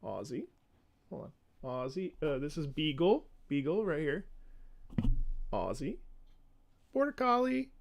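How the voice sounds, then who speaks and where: A man's voice: on the high side, sing-song, a little slow, gravelly, long pauses, a little mellow, no room sound. A man hosting a casual reaction video, chatting and reading out viewer requests at home.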